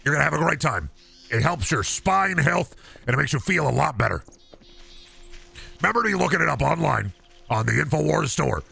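A man doing an impression of a ranting conspiracy-show host who pitches supplements. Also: expressive, fairly quick, vocal fry, pauses often, pushed and bright, slightly rough, faint music behind, full character voice. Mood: bombastic. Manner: bombastic, rambling, salesman pitch.

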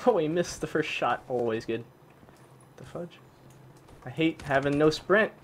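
A young man giving excitable live commentary on a video game, yelping and swapping swears for "fudge". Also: on the high side, unhurried, a little hiss or hum. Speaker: gaming channel host.

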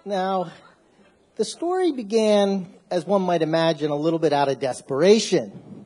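Mellow husky man telling a stage story. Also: sits high, animated. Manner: measured, wry narrative delivery.

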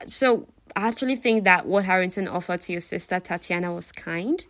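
A woman's voice: fairly low pitch, brisk, fairly bright tone, no room sound, clean studio sound. A woman casually retelling a novel, chatty and full of fillers, often asking the listener questions. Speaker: book retelling narrator.

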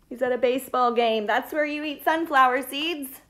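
A woman's voice: sits high, moderate pace, few pauses, fairly bright tone. A woman teacher reading a picture book aloud to children, dramatic, with gasps and questions to her listeners.

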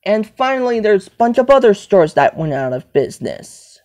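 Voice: mid-range voice, big pitch swings, normal speed, darkish tone. A person rambling to themselves on a home video, repeating and listing things over and over. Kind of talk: rambling self-talk monologue.

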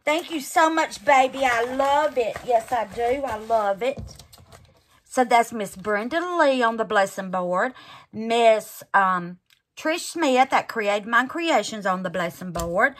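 A woman's voice: fairly high pitch, slow pace. A woman hosting a craft channel, unboxing gifts in casual chat and gushing over them with terms like honey and baby.

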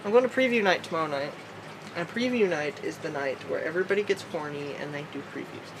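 Alone in her bedroom at night, a woman with a low-sitting voice vlogs at a quick pace, rambling goofily with sudden squeals and sing-song bits. Background noise can be heard.

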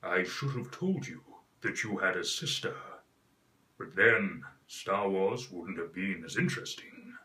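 A man putting on a deep, slow, deliberate voice as a menacing male space villain, for a comic impression. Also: expressive, sharp tone, distant mic, full character voice. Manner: slow, heavy, deliberate delivery.

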